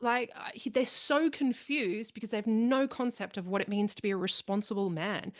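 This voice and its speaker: Animated woman podcast host. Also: medium pitch, normal speed. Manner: animated, acts out quoted people in a raised voice. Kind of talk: casual podcast conversation.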